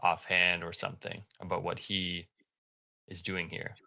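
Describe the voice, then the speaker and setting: A laid-back male player in a tabletop game. His voice is very low yet bright and forceful, and his manner stays playful. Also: completely flat delivery, unhurried, creaky, dull audio. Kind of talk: casual tabletop play.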